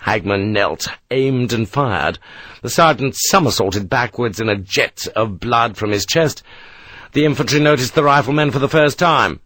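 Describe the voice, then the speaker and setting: A man's voice: medium pitch, normal speed, a bit bright, no echo. A man narrating a war novel as an audiobook, telling the battle with tense, vivid delivery.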